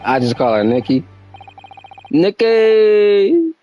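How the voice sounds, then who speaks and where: A man's voice: mid-range voice, normal speed, muffled recording. A young man chatting casually on a game stream, laid-back and slangy, talking to his viewers.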